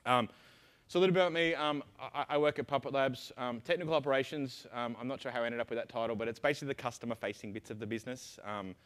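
A man's voice: mid-range voice, a bit bright. A middle-aged man with an Australian accent giving a conference talk, rambling and full of ums and restarts. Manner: rapid, rambling, lots of ums and self-interruptions. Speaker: conference speaker. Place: conference hall stage.

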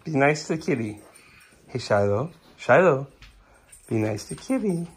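Young mom, home phone video, playful coaxing, low voice with huge pitch swings. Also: female voice, animated, measured pace, slightly rough. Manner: playful, coaxing, sing-song egging on. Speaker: parent filming her kids. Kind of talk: casual home video chat. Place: living room at home.

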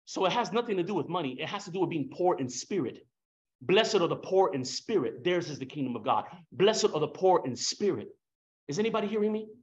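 Emotional high-voiced preacher, dull recording. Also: male voice, animated, brisk. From Hispanic background. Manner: emotional, emphatic, repeats phrases, casual slang. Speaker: pastor. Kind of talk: sermon. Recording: dull lo-fi sound.

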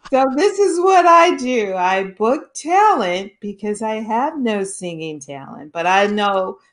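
A woman hosting a casual interview, chatty and quick to laugh. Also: medium pitch. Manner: laughs often, relaxed and chatty. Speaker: show host.

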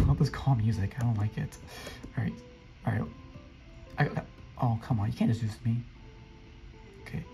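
A man commenting casually on his gameplay, excitable and flustered, often talking to the other players. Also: mid-range voice, moderate pace, gravelly, pauses often, rough recording. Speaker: gameplay streamer. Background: faint game music.

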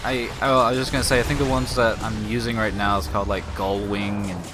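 This let's play host has a lowish voice and a flat delivery, talking at a quick pace as game music plays. His casual commentary on the playthrough is offhand, full of restarts and the occasional curse.

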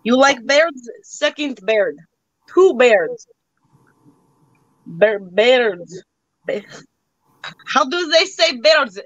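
High, slow-talking playful woman auctioneer. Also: big pitch swings, no echo, dull audio. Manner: playful, joking, puts on a broken-English accent. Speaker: host of a live online auction. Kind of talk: live sale chat.

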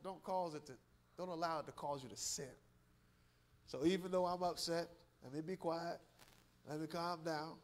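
Man, revival preacher, high-pitched for a man, emphatic, repeats himself, chuckles between points. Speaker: guest preacher, church elder. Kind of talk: revival sermon with call-and-response.

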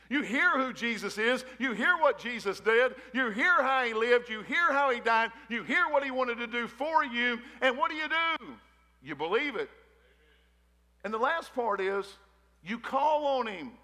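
A man preaching in a high, folksy voice, trading jokes and questions with his congregation. He wears his emotion openly as he preaches. His words ring out with a long reverb through a big church hall. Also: bright, forceful tone. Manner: folksy, joking preaching with crowd call-outs. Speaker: pastor. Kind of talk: sermon. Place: church hall, a former gymnasium.

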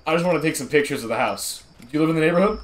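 A man's voice: on the high side, animated, racing, lightly acted. A man reading a young trash collector's game lines in a laid-back, dismissive way. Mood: casual.

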